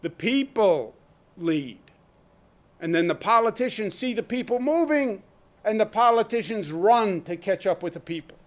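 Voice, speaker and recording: Emphatic man giving a press briefing. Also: high voice. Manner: emphatic, rhetorical questions, deliberate pauses.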